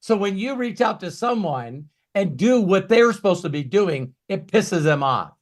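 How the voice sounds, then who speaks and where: A man coaching in a Q&A talk, emphatic and ranting, swinging from quiet asides to loud bursts. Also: sits high, big pitch swings, a little slow. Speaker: business coach.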